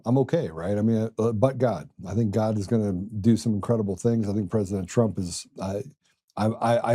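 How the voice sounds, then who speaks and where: A man's voice: fairly low pitch, mellow. A man hosting a political talk podcast, telling stories in an earnest conversational way. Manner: earnest, storytelling. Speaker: podcast host.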